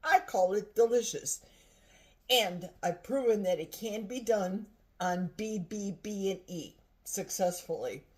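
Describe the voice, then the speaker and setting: An older woman food vlogger tasting a dish and chatting casually to her viewers, animated and talkative, sometimes with her mouth full. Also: medium pitch, a little slow. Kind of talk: casual cooking vlog with tasting.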